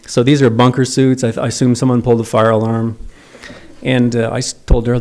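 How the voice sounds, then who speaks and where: A man's voice: mid-range voice, little pitch movement, brisk, darkish tone. A middle-aged man giving a eulogy for his father, telling wry, self-deprecating stories at a memorial service. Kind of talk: memorial eulogy with humorous anecdotes.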